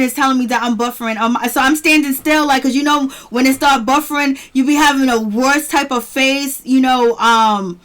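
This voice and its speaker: Her voice is high-pitched and slightly bright as she hosts a laid-back reality show review stream with live chat. She comes from near Boston, US, calls out viewers by name, and laughs a lot.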